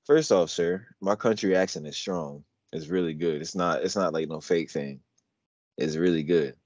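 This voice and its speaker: A man co-hosting a podcast in casual banter, arguing his point in an animated way and repeating himself. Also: deep voice, normal speed, no echo. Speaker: podcast co-host. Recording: dull lo-fi podcast audio.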